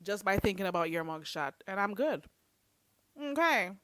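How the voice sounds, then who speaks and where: A woman's voice: medium pitch, very animated, normal speed, a bit bright, dry recording. A woman hosting a livestream, giving blunt, sassy commentary and preachy advice. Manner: blunt, sassy, preachy, calls listeners "girl". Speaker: livestream host.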